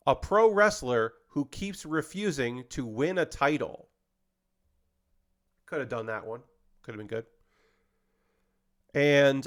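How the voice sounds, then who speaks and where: A male comedian and host in casual chat, rambling and self-deprecating as he talks through his ideas. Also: mid-range voice.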